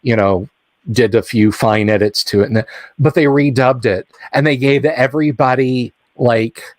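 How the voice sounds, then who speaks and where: This is a middle-aged man hosting a casual home live stream, talking in a rambling way full of fillers and restarts. His voice sits at an ordinary pitch and sounds close and dry, with no room around it. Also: moderate pace, dry recording. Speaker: stream host.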